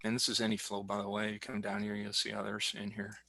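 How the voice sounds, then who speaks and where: A guest expert on a video call casually demonstrates software over screen share, chatting and joking as he clicks through each step. His voice is lowish, gravelly, monotone, pushed and bright, and he speaks quickly. There's no echo.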